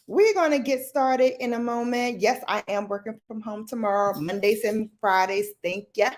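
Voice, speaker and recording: A woman hosting a casual live stream, chatty and slangy, often calling out greetings to viewers in a loud, high voice. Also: normal speed, few pauses. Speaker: livestream host.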